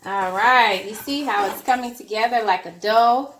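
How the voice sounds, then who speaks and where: A woman's voice: fairly high pitch, moderate pace, a bit bright, reverberant, slight background noise. A woman with a Southern accent, giving a chatty, encouraging home cooking demonstration and often repeating her phrases. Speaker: cooking instructor. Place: home kitchen.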